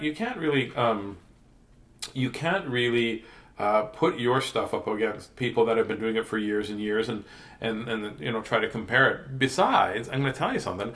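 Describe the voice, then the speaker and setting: A man's voice: medium pitch, bright, forceful tone. Playful man reading storybooks to kids. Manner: playful, silly, joking tangents. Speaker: host reading picture books to children. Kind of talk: storytime reading and rambling chat.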